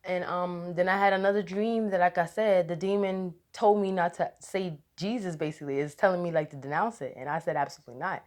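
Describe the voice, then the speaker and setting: A woman's voice: lowish voice, fairly quick, hardly any pauses, darkish tone. A woman telling a rambling, casual story to her viewers, laughing often and restarting her sentences. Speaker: vlogger.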